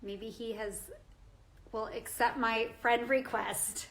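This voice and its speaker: A woman's voice: on the high side, fairly even intonation, takes it slowly, long pauses, a bit bright, rough recording. A woman hosting a casual live chat from indoors on a phone, bubbly and chatty, laughing often. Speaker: livestream host. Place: indoors at her quarantine lodging.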